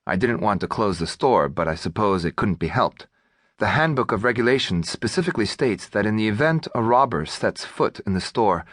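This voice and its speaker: A male narrator reads a first-person novel with a wry, expressive delivery and a lowish voice that rises and falls freely. The studio sound is close and dry, with no room around it. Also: dry recording. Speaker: audiobook narrator. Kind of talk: scripted audiobook narration.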